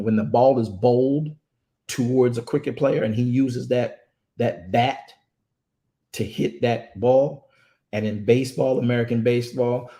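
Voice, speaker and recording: A man with a medium-pitched, warm voice speaks for a ministry, giving impassioned commentary. He is emphatic and repetitive, often stammering as he starts phrases over.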